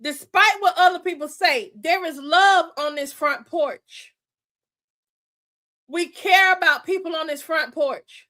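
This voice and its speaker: A woman hosts a live reaction stream, talking straight to her viewers in a chatty, earnest way. Her voice sits high, and her tone is bright and ringing. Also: slow pace. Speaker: reaction channel host.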